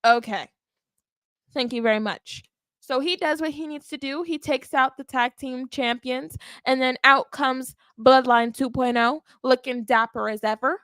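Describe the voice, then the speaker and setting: A woman hosting a wrestling podcast, recapping a live show in an animated, emphatic way and often checking in with "okay?". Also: high-pitched, measured pace, clear, resonant tone, no echo. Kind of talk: live watch-along recap.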